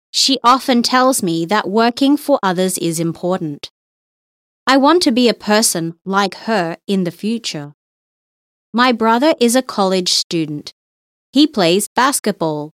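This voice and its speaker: Slow, careful woman exam reader. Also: mid-range voice, dry recording, studio quality. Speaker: English listening-test reader. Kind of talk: scripted exam reading.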